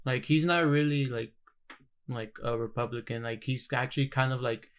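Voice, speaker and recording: A man co-hosting a casual podcast, halting and searching for his words as he talks. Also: medium pitch, steady tone, clear, resonant tone. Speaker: podcast co-host.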